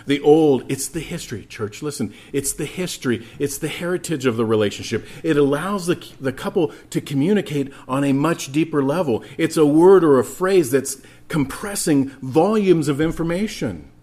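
A man's voice: on the high side, normal speed, few pauses. A man preaching a sermon as pastor, telling stories and speaking straight to the congregation. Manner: animated storytelling, addresses congregation directly.

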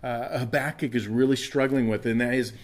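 A man's voice: medium pitch, fairly even intonation, a little fast. A middle-aged man, a pastor, preaching a sermon and acting out anguished prayers with rising intensity.

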